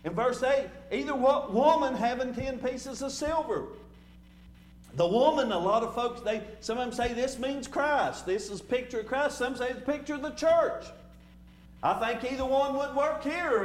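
A man's voice: extremely high pitch, roomy sound. A man preaching a sermon in a folksy way, often repeating words and stumbling over fillers as he goes. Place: church sanctuary.

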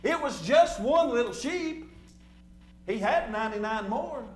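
A man's voice: extremely high pitch, expressive, measured pace, echoey room. A man preaching a sermon in a folksy way, often repeating words and stumbling over fillers as he goes. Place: church sanctuary.

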